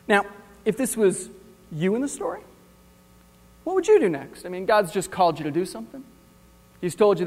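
A male preacher giving a sermon, retelling a Bible story in an animated, wry way. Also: high voice, normal speed, pauses often, in a large hall.

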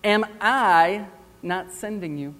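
A firm, matter-of-fact divine voice giving orders, as a preacher reads him out. It is a fairly high male voice, carried by a long hall echo. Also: takes it slowly, pushed and bright, exaggerated voice. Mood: commanding. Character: commanding male God speaking from above.

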